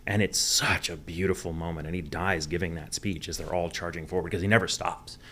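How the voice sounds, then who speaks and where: An American man with a low, gravelly voice tells stories in a relaxed interview. He is animated, curses easily and slips into the voices of the people he quotes. A faint hiss sits under the recording. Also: fairly quick. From United States. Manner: animated, swears freely, acts out quoted lines. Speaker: guest voice actor. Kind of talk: casual interview storytelling.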